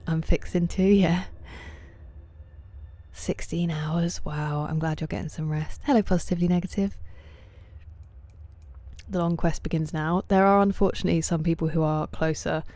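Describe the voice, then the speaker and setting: A woman streaming a game, chatting casually with viewers, greeting them by name and often dropping to a soft near-whisper. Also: lowish voice, steady tone, moderate pace, pauses often, no echo. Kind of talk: casual live-stream chat while gaming.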